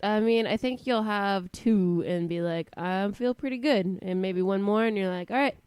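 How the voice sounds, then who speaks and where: A woman co-hosting a podcast in casual chat, sounding stuffy and nasal from a cold, chatty and quick to laugh. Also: mid-range voice, a little mellow, clear, resonant tone, no echo. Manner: chatty, laughs easily, many restarts. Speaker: podcast co-host.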